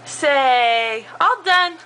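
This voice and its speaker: A young mother talks at home in a high, bright voice that leaps up and down as she coaxes little ones. She draws her words out slowly in a sing-song baby-talk way, patient and playful. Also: expressive, a little hiss or hum. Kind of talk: home video chat with toddlers.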